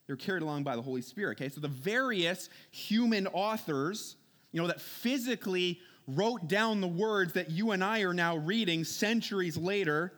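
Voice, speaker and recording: A man's voice: sits high, expressive, moderate pace, a bit bright. A man preaching a conversational sermon, earnest, posing rhetorical questions and repeating key words.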